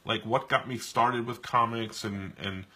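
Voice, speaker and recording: A husky, mid-range male voice, steady in tone and a little slow, pushed and bright, comes from a New York co-host who draws live on stream while chatting casually and telling rambling stories with frequent restarts.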